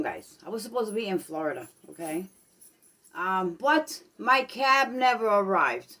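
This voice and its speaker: Chatty New York woman vlogger, mid-pitched, recorded a bit away from the mic. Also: a bit bright, distant mic. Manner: chatty, keeps tagging lines with "okay?" and "guys". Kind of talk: casual vlog monologue.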